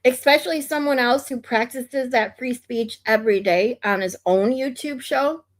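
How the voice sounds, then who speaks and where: A woman's voice: sits high, normal speed. A woman streamer from the United States giving blunt, opinionated commentary in a casual ranting manner.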